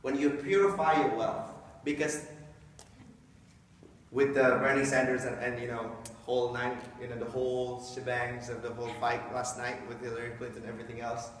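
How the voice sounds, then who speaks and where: A man's voice: medium pitch, a little hiss or hum. Joking man speaking in an echoey hall. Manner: joking, conversational, acts out quoted voices. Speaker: speaker explaining Islam to an audience. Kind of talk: informal talk to a live audience. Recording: echoey hall from a distant mic.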